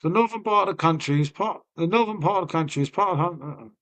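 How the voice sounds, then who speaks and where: Chatty Lincolnshire streamer, high-pitched voice. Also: male voice, fast talker, a bit bright. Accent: Lincolnshire English. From Lincolnshire, England. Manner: banters with chat, swears freely, trails off; folksy, peppered with "mate" and "innit". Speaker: live streamer. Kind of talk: casual live-stream chat.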